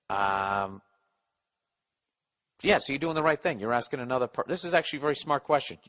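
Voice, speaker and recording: This man hosts a podcast in a Boston accent, his medium-pitched voice a bit bright. He rants casually and comically, rambling along with plenty of swearing and sarcasm.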